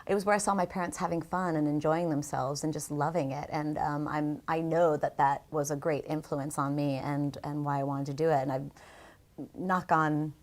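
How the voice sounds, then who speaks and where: Bubbly middle-aged woman from New Jersey, low-pitched voice, chatty interview guest who laughs easily. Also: fairly even intonation, moderate pace, darkish tone. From New Jersey, USA. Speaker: guest performer. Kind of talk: casual interview chat.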